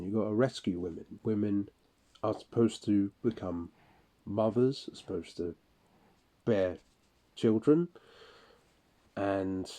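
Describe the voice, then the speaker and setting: A man talking through a personal audio-diary monologue in halting, broken phrases full of restarts. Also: sits low, dark tone. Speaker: audio diarist. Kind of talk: personal monologue recalling incidents.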